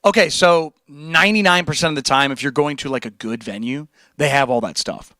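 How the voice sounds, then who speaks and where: Laid-back young man streamer, bright voice. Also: a little high, a little fast, no room sound. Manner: laid-back, rambling, says dude and like a lot. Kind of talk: casual livestream chat.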